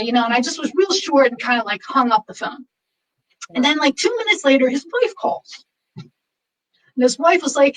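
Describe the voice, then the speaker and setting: High-voiced woman telling a lively story. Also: moderate pace, long pauses, distant mic, poor audio. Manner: animated, quotes people in lively voices. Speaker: massage studio owner. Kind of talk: casual storytelling chat.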